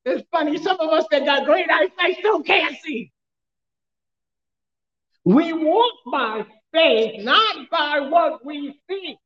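A male pastor preaching a sermon, telling funny stories with frequent laughter and sometimes shouting questions at the congregation. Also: very high voice, lively intonation, takes it slowly, reverberant, highs cut off. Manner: storytelling, humorous, laughs often. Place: church.

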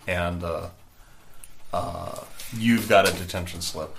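A man's voice: low-pitched, fairly even intonation, slow pace, vocal fry, background noise. A man narrating a tabletop game as game master, rambling and conversational, with many fillers.

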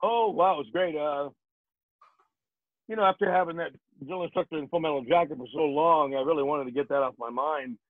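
An older man spins jokey stories from his working life with animated comic timing. His voice sits fairly high, dry and close, with a thin, phone-like sound. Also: fairly quick, dry recording. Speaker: guest actor. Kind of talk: casual interview storytelling.

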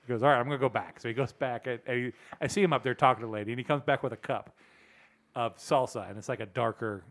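A man's voice: mid-range voice, fast talker, fairly bright tone. A man hosting a casual podcast, telling long rambling stories and acting out the people in them. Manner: rambling storyteller, acts out quoted people. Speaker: podcast host. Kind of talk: casual chat.

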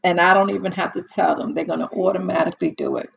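A woman's voice: fairly low pitch, fairly even intonation, fast talker, gravelly, slightly rough, highs cut off. An older woman hosting a casual monologue, telling stories in a blunt, exasperated way with many restarts.

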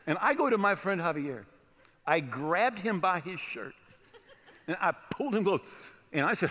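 A middle-aged American man preaching, telling a personal story in an animated way and often checking in with "right?". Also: fairly high pitch, normal speed, long pauses. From United States. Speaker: pastor. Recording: long hall reverb.

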